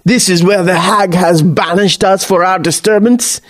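A man's voice: high-pitched, steady tone, normal speed, pitched above the performer's own voice, close to an everyday voice. A man voicing a man possessed by a scornful pirate spirit, roaring his lines in old-fashioned pirate speech.

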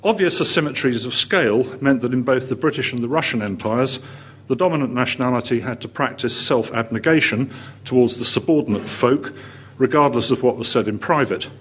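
A man giving a formal history lecture to an audience, measured and with dry wit. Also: medium pitch, fairly bright tone, husky. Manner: measured, dry wit, read from a prepared text. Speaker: guest lecturer, history professor. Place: lecture hall.

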